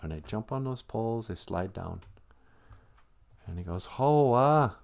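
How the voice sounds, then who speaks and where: Low-voiced man telling a rambling comic story. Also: expressive, moderate pace, gravelly. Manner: rambling, jokey, with fillers and restarts. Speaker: storyteller on a livestream. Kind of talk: casual comic story retelling.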